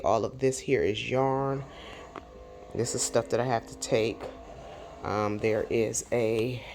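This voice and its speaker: A crochet vlogger chatting casually and rambling aloud, out of breath as they talk through their market prep. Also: mid-range voice. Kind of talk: casual chat.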